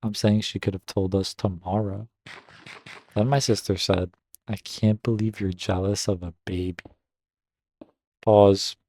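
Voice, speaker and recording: Mellow low-voiced man reading stories aloud. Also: level tone, a little slow, pauses often, dry recording. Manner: reads a post aloud, then breaks off to react with upbeat asides. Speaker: Reddit story reader and gaming commentator.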